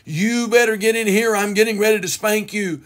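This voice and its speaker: A man's voice: high voice, fairly even intonation, moderate pace, a bit bright, voice pushed up. Brief: male preacher acting out a mother calling her boy in a sermon story, firm and scolding. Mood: stern.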